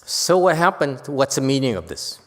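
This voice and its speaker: A man's voice: medium pitch, big pitch swings, moderate pace. Buddhist teacher, man, dharma talk in a temple hall, keeps asking "okay?", long reverb. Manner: chatty, often checks in with "okay?"; joking asides. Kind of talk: dharma lecture.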